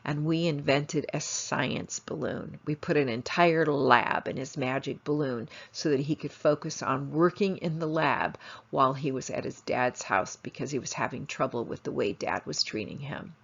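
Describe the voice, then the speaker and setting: A woman with a rumbling low voice, vocal fry, and a breathy edge speaks at normal speed in a storytelling lecture. She's a family therapist and instructor who animatedly acts out quoted voices in her stories, captured on a dull lo-fi recording.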